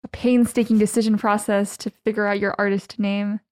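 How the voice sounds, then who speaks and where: A woman hosting an arts interview podcast, reading a clear scripted intro and then asking questions in a measured way. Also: medium pitch, flat delivery, darkish tone.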